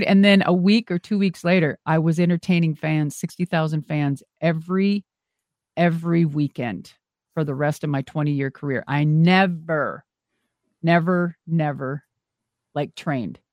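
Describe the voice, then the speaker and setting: A middle-aged woman, a former wrestler and monster truck driver, telling animated stories as a guest and swearing freely. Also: low-pitched, moderate pace, no room sound. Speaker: interview guest. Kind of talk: casual storytelling.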